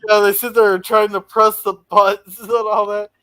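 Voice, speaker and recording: A man's voice: high voice, little pitch movement, moderate pace, bright, forceful tone, clear, resonant tone, no room sound. A man in a casual chat, curious and chatty, asking questions about what he sees. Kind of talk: casual chat reviewing an old sitcom.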